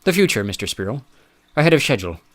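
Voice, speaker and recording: A man's voice: mid-range voice, big pitch swings, fast, fairly bright tone. A man doing a haughty teenage boy genius. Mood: cool, haughty. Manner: precise, haughty. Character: arrogant teenage boy genius, precise and cool.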